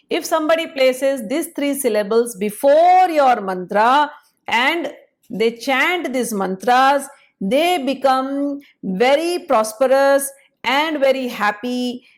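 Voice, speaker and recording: Woman, a spiritual teacher; slightly high voice, explanatory and measured lecture delivery. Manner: explanatory, measured, pausing to spell out syllables. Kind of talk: spoken lecture.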